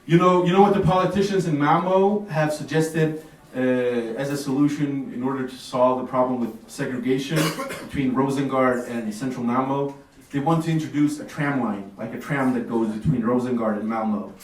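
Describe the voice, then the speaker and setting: A man's voice: mid-range voice, steady tone, normal speed. Man, young, stand-up comedy, laughs at own jokes, distant mic. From Sweden. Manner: loose, chatty, laughs at his own jokes. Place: small café stage. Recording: roomy café recording from far off.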